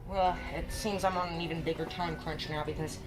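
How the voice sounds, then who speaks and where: A man's voice: fairly high pitch, fairly even intonation, brisk, voice pushed down, close to an everyday voice. Brief: man as a hunted, wary ally, plain delivery, music behind. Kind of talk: amateur fan-film acting.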